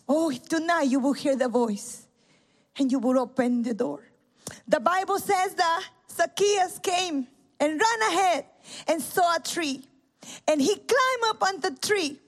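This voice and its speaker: A woman preaching a sermon at a church service, impassioned, swinging from loud cries to hushed tones. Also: very high voice.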